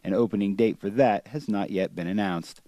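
Low, mellow man reading a news report. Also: normal speed, no echo.

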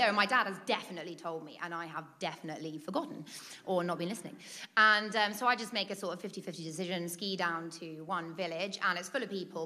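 A woman's voice: on the low side, bright, forceful tone. A British woman telling a comic personal story, chatty and laughing often, acting out what people said. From Britain.

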